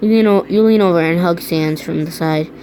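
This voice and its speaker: A woman's voice: fairly low pitch, brisk, mellow, poor audio. A woman reading fan fiction aloud, often stumbling over words and restarting lines. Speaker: reader.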